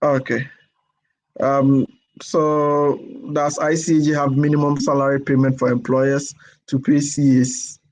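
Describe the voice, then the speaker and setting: A man's voice: mid-range voice, level tone, measured pace, a little mellow, low-quality recording. Polite man moderating a webinar. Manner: reads out audience questions, polite, repeats words.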